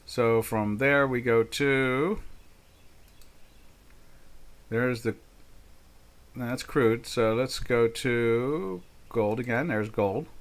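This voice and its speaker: A man's voice: medium pitch, slow pace. Folksy older man hosting live trading. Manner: folksy, jokey asides, mock exasperation. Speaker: trading webinar host. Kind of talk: casual live market commentary.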